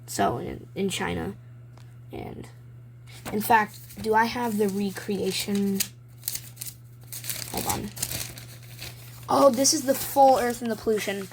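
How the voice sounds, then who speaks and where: A young woman films a casual show-and-tell vlog at home in a room with the lights turned down, rambling and chatting about her own comics. She reads them aloud with quick silly voices, her medium-pitched voice carrying a little hiss or hum.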